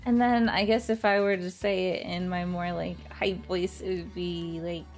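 A woman's voice: lowish voice, fairly even intonation, moderate pace, soft background music. A young woman streaming casually, giggly and bashful, laughing often as she chats with her viewers. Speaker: VTuber streamer. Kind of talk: casual live-stream chat.

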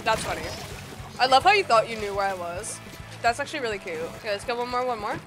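Girl gamer w a high voice, hyper and yelling fake threats, loud game music underneath. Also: fast. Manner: excitable, playful mock-angry outbursts. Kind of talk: gameplay commentary.

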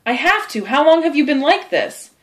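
A woman's voice: high-pitched, very animated, normal speed, pitched above the performer's own voice. A woman voicing an anxious, fretful young boy who tattles in an urgent, pleading way.

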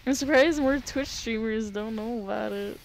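A woman's voice: a little high, normal speed, a little hiss or hum. A woman chatting with a friend, curious and talkative, filling her speech with "like", feeling cold. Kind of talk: casual chat.

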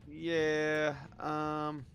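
A man's voice: on the high side, monotone, very slow, vocal fry, a bit bright, faint music behind. A man playing in a live tabletop game, bantering in a slangy, laid-back way. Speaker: player. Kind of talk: casual tabletop game play.

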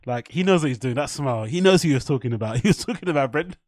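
A man's voice: mid-range voice, animated, rapid-fire, no echo, studio quality. A man hosting a live stream, rambling and swearing as he reacts to a fight and reads out chat. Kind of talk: casual live-stream commentary.

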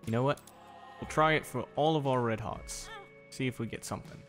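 A man's voice: medium pitch, fairly quick, fairly bright tone. A young man giving casual commentary while he plays a video game, chatting and talking to the enemies on screen. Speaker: gaming video creator. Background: faint game music.

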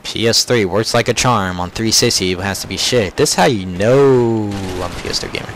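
A young man with a lowish, fairly bright voice narrates his own online shooter matches live, speaking briskly. He's frustrated, swearing and mocking the other players over game gunfire, with a little hiss or hum in the recording.

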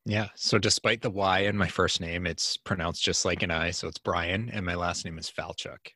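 A man from the Boston area, a podcast guest on a video call, chatting in a relaxed way with self-deprecating humor. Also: low-pitched, moderate pace, dry recording, clean studio sound. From Boston area, USA. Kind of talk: casual interview chat.

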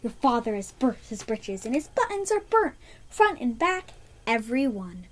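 A woman's voice: fairly high pitch, big pitch swings, moderate pace. A woman doing a fluttery, doting old mother. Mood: alarmed. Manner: fluttery and exclaiming.

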